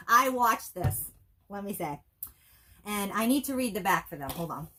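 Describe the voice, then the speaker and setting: A woman's voice: medium pitch, expressive, unhurried, bright, forceful tone. A woman co-hosting a casual movie review show, with wry, dry joking asides. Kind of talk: casual chat.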